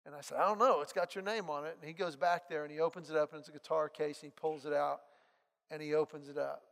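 A man preaching a sermon, telling a personal story and acting out the dialogue in an animated way. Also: a little high, fast, creaky. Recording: long hall reverb.

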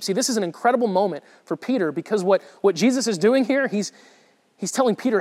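A man's voice: high voice, animated, fast talker, a little mellow, big-room sound. A man giving a conversational sermon, retelling a Bible story with frequent restarts and repeated words. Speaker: preacher.

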